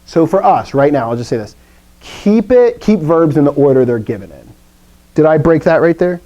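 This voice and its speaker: A man's voice: fairly high pitch, lively intonation, normal speed, dark tone, muffled recording. A man from the American South teaching a Greek class, chatty and playful, with lots of asides. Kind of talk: classroom lecture.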